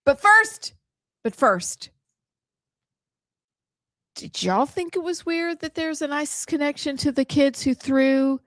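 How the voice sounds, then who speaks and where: A woman's voice: sits high, lively intonation, dry recording. A woman co-hosting a talk show, with playful, bubbly banter. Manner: bubbly, playful, quick to laugh. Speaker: radio show co-host. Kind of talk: casual morning-show banter.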